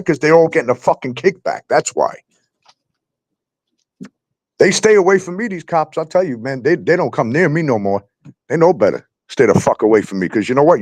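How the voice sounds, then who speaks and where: Angry, animated New man ranting. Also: on the high side, no room sound. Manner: heated, swearing, ranting about landlords and cops. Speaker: talk show host. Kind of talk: angry profane rant.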